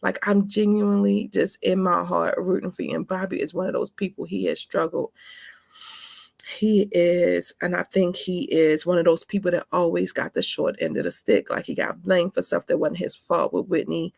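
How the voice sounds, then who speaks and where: A woman's voice: lowish voice, fairly even intonation, normal speed, gravelly, a little mellow, no echo, clean studio sound. A woman in her forties telling a personal story in a casual vlog, chatty and emphatic, calling her viewers honey and baby. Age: 40s. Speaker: vlogger.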